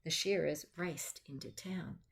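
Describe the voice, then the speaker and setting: A middle-aged Australian woman and teacher reading a picture book aloud to children, with chatty, lively asides. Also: deep voice, unhurried, creaky, a little hiss or hum. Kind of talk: children's storytime read-aloud.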